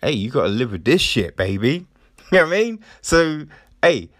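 A man's voice: medium pitch, big pitch swings, normal speed, a bit bright, no echo, studio quality. A man hosting a podcast, ranting casually with heavy swearing and sarcastic mock voices. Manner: profane, sarcastic, mocking voices of others. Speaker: podcast host.

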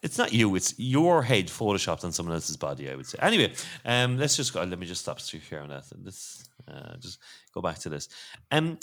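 A man hosting a casual podcast chat, lively and quick to laugh. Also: low voice. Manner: lively, laughing, talks over others. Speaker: podcast host.

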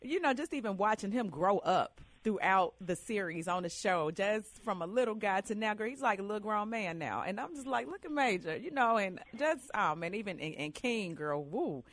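A woman's voice: mid-range voice, animated, moderate pace, hardly any pauses. A woman radio host from Chicago, interviewing a guest in an enthusiastic, chatty and friendly way. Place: radio studio.

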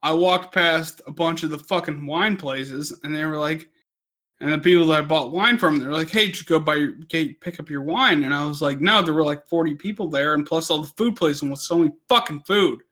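High, bright-voiced ranting drunk man. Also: fairly quick. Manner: profane, ranting, loud outbursts. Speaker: podcast host. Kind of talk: casual drunk chat.

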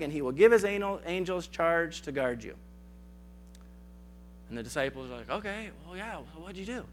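A man preaching in a relaxed, chatty way, slipping into the voices of the people in the Bible stories. His voice sits a little higher than most men's. A faint hum runs under the recording. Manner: acts out biblical dialogue in casual asides. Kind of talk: conversational sermon.

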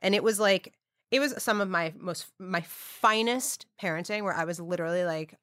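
A woman, a guest DJ telling a lively story in casual chat. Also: normal speed, no room sound, studio quality. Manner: animated, acts out quotes with big pitch jumps.

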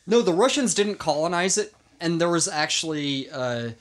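A man's voice: a little high, expressive, moderate pace. A man hosting a comedy history podcast, telling the story casually, laughing and swearing along the way. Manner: swears freely, laughs often.

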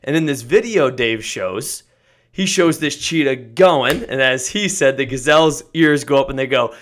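Energetic motivational male podcast host. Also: mid-range voice, moderate pace. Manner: energetic, emphatic, builds to excited shouts.

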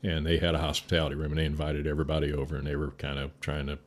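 Middle-aged man, extremely low voice, veteran firefighter type, animated anecdote teller. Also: very fast. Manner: animated anecdotal storyteller, gets loud in punchlines. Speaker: fire service veteran guest. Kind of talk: casual storytelling chat.

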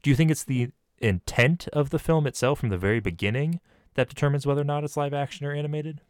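A man's voice: a little high, quick pace, dry recording, studio quality. A man hosting a casual film podcast, steering the talk with questions and examples. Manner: asks probing questions. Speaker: podcast host.

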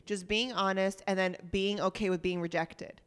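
A woman's voice: mid-range voice, steady tone, normal speed, a bit bright, clean tone, in a large hall. A young woman talking in casual chat, heated and blunt, swearing a lot.

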